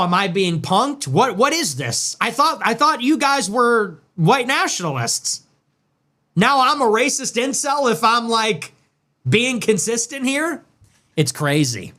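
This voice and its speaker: A man's voice: sits high, pushed and bright. A man giving ranting political commentary in a sarcastic, mocking, emphatic way. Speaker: political streamer.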